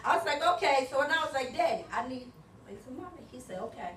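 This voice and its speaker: High-voiced woman testifying in an echoey church. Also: fast, slight background noise. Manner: lively storytelling, acting out both sides of conversations with laughs. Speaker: church member giving a testimony. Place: church hall. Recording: echoey hall, picked up from far off.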